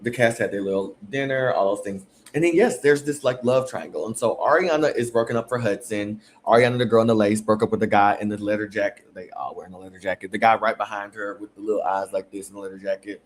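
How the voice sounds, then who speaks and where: Male host, low-voiced, loose chatty recap delivery, faint hiss behind. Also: fast, few pauses. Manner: chatty, rambling, full of fillers. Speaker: podcast host. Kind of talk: casual reality TV recap.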